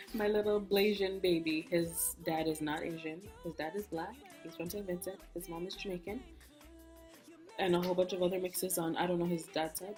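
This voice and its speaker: A young woman with a lowish voice shares a personal story in a frank, lively way, slipping into the voices of the people in it. Soft music plays quietly under her. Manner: candid, animated storytelling, acts out quoted speech. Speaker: vlogger. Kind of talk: casual storytime chat. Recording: soft music bed behind.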